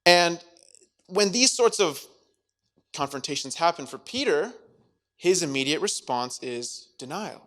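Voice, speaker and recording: A man's voice: fairly high pitch, very animated, a little slow, long pauses, a bit bright. A man giving a youth sermon in a playful way, acting out scenes and joking between scripture readings. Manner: playful, acts out dialogue with jokes. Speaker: youth speaker.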